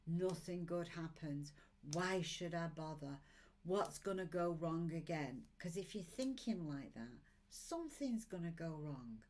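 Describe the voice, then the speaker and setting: A woman's voice: lowish voice, darkish tone. Upbeat woman in her sixties. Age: 60s. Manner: upbeat, encouraging, motivational. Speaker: oracle card reader. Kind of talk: live-stream chat, reading viewer comments.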